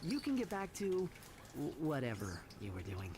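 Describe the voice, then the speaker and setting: A man's voice: fairly high pitch, wildly swooping pitch, moderate pace. An actor playing a young male hero mechanic who speaks in a wry, casual way. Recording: game audio with loud noise.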